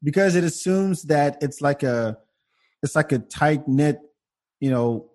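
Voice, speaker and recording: A man on a casual podcast with a lively, swooping voice pitched a bit high. He rambles in an amused way and laughs mid-sentence. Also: measured pace. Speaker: podcast co-host.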